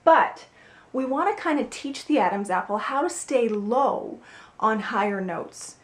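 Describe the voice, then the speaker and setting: A woman vocal coach giving a singing lesson, explaining clearly and with a playful, upbeat manner. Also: on the high side, animated, measured pace. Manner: clear, upbeat instructive delivery with playful demonstrations. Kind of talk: singing lesson with spoken instruction. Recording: roomy echo with faint music.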